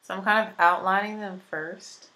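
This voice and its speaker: A woman's voice: mid-range voice, fairly even intonation, moderate pace, bright, forceful tone, poor audio. A woman in her twenties chatting casually through a makeup tutorial, rambling with lots of fillers, recovering from being sick. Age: 20s. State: recovering from illness. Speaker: beauty vlogger.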